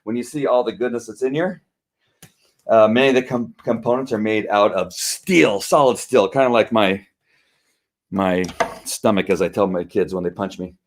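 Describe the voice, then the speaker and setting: A man's voice: on the low side, normal speed. Chatty breathless man unboxing at his desk. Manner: rambling, chatty, many fillers and restarts. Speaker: vlogger unboxing a gift. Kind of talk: casual live-stream unboxing. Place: home studio.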